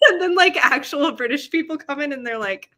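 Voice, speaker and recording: A woman's voice: sits high, lively intonation, fairly quick, bright, forceful tone. A young woman hosting a live stream in casual chat, rambling and laughing often mid-sentence, and prone to over-explaining herself. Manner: self-conscious over-explaining. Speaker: livestream host.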